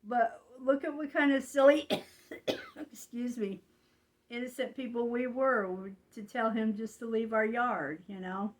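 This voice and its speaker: An older woman talking slowly and rambling in a confiding way, with frequent fillers. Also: fairly high pitch, low-quality recording. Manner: slow, rambling, confiding, with frequent "you know". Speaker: vlogger. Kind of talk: casual monologue.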